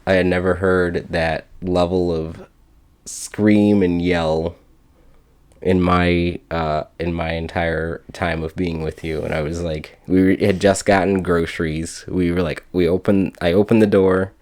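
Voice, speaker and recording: A young man with a very deep voice co-hosts a relaxed podcast chat. He rambles, stops and restarts, and slips into quick voices when he retells a story. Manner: rambling, restarts, acts out quotes. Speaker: podcast co-host. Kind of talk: casual chat.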